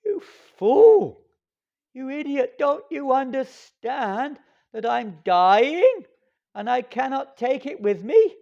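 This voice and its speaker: A man's voice: very high voice, level tone, moderate pace, gravelly, hardly any pauses, mellow, clear, resonant tone, muffled recording, voice pushed up, exaggerated voice. A man voicing a dying old king, self-pitying and furious, in a sermon story.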